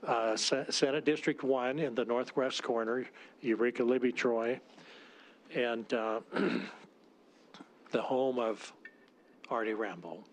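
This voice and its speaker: Halting man senator in a hearing room. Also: medium pitch. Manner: halting, with frequent restarts. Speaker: state senator introducing a bill. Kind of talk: formal committee testimony.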